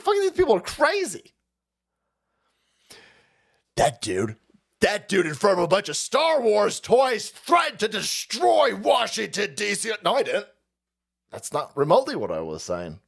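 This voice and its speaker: A man hosting a political livestream, ranting in a foul-mouthed, sarcastic way with shouted outbursts. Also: high-pitched, creaky. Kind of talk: profane political rant.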